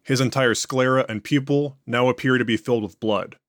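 A man giving scripted horror narration in a plain, even delivery. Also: medium pitch, a little fast, no echo, studio quality.

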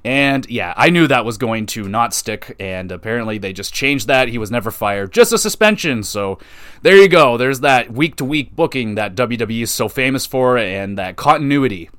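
A man hosts a wrestling podcast, rambling through a casual recap. He talks with eager enthusiasm and drops into quick quoted voices. His mid-pitched voice sits close and dry on the mic. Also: animated, a bit bright, clear, resonant tone, no echo. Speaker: podcast host.

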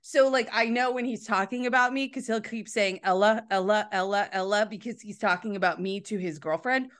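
A woman's voice: mid-range voice, fairly quick, a bit bright. A woman hosting a casual interview, chatty and enthusiastic, often saying "like". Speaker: interview host.

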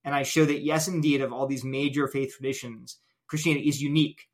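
A man's voice: mid-range voice, fairly even intonation, fast talker. A man as an interview guest, earnestly explaining an argument step by step with illustrations. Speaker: guest apologist.

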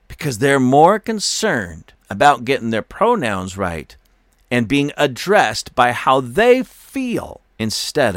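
An older man delivers religious opinion commentary as host, his voice sitting at a middle pitch. He talks in a fervent, preachy way, stacking up repeated phrases for emphasis. The sound is dry and close, with no room around it. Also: a bit bright, no room sound.

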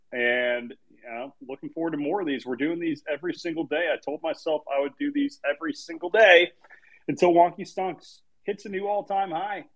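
A man's voice: fairly high pitch, lo-fi sound. A man hosting a live online audio chat, wrapping up in a loose, chatty, laid-back way over a remote call. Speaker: host.

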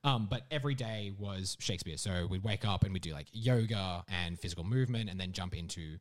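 Lively young Australian man, mild accent. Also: deep voice, a little fast. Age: 20s. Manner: animated, laughing, acts out quoted voices. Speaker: guest performer. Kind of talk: casual interview storytelling.

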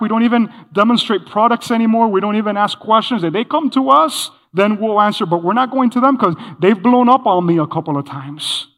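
High-voiced pastor in a reverberant hall. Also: male voice, a bit bright. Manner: conversational, acts out quoted voices, laughs often. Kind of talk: sermon. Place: church hall.

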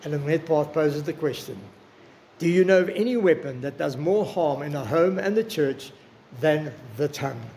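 Older male preacher, earnest and personal, gravelly, slightly high; faint room noise. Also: darkish tone. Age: 60s. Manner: earnest, personal, slows for emphasis. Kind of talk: sermon.

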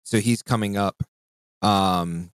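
A man's voice: on the low side, steady tone, takes it slowly, clear, resonant tone, no echo. A young man co-hosting a podcast, telling rambling stories, swearing a lot and acting out what people said. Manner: rambling storyteller, swears a lot, acts out quotes. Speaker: podcast co-host. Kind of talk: casual chat.

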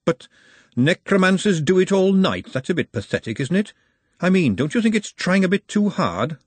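A man voicing a cheerful male skeleton servant with a hoarse voice, talking casually. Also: high voice, very animated, normal speed, no echo, voice pushed up, exaggerated voice. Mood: chatty. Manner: chatty, casual.

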